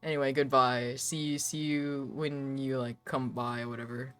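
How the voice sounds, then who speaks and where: Streamer quoting a sulky, flat-voiced boss. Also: mid-range voice, normal speed, clean tone, faint music behind, natural voice. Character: weary male boss saying goodbye, mildly guilt-tripping.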